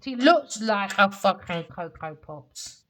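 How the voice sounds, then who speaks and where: A woman's voice: mid-range voice, animated, slow, a bit bright, poor audio. A British woman giving an unscripted tarot reading, talking in a blunt, raw, confessional way and swearing freely. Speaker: tarot reader.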